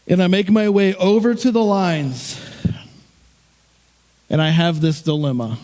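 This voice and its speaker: A man's voice: sits high, fairly even intonation, a little slow, darkish tone. A middle-aged man, a pastor, telling a story in his sermon in a conversational, self-deprecating way.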